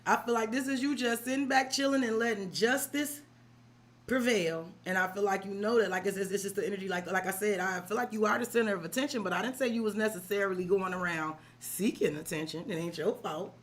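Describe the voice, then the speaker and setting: Fairly quick and mid-range, this woman's voice carries a tarot reading on a live stream. She speaks directly to the client in casual slang with some swearing, frequently checking in with a "right?"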